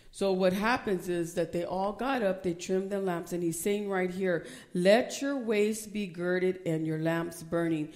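A middle-aged woman preaching a sermon, reading scripture aloud and rising to loud, emphatic calls. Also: mid-range voice.

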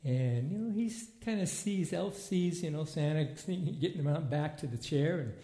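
Animated male preacher in an echoey hall. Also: on the high side, normal speed. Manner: animated, acts out movie scenes in voices. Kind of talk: informal Bible teaching. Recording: echoey room.

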